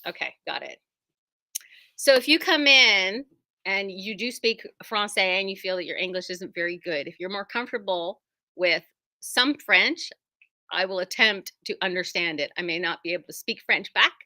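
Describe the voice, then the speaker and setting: A woman's voice: mid-range voice, normal speed, sharp tone, no echo. A woman who runs a quilt shop, showing off new fabrics in a chatty, rambling, self-deprecating way from inside her shop. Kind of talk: casual product showcase.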